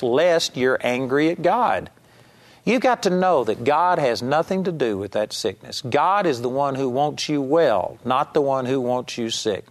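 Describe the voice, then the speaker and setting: A man preaching a sermon, urging his listeners with emphatic, repeated exhortations. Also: medium pitch. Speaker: Bible teacher. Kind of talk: sermon teaching.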